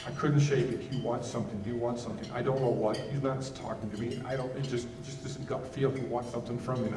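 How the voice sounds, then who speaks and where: A man giving a personal testimony as a keynote speech at a gala, earnest and halting, with many restarts and fillers. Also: far from the mic. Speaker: nonprofit founder giving a keynote. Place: banquet hall at a gala. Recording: roomy hall sound from off mic, faint rumble.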